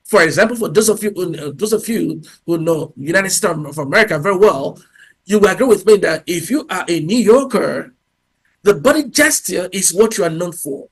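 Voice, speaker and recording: Man, high voice, motivational university talk, animated, acts out dialogues, many fillers and restarts. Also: moderate pace, breathy edge. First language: English. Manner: frequent fillers and self-corrections. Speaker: speaker at a university career event.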